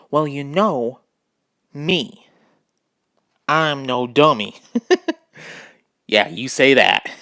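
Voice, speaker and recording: Reading a children's book at home, a man puts on a drawl to voice the dog narrator and keeps interrupting with jokes mocking the writing. His medium voice is a bit bright, captured in studio quality without room sound.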